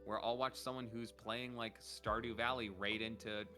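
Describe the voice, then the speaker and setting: A man's voice: mid-range voice, flat delivery, normal speed, pushed and bright, soft background music. A man chatting casually as a Vtuber, rambling and acting out quoted asides. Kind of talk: casual chat.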